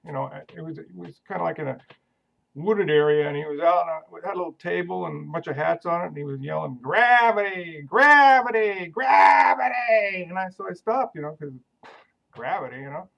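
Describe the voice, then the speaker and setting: A man rambling through a casual video message with a folksy, deadpan manner, sending a question to another video maker. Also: a little high, fast talker, vocal fry, low-quality recording.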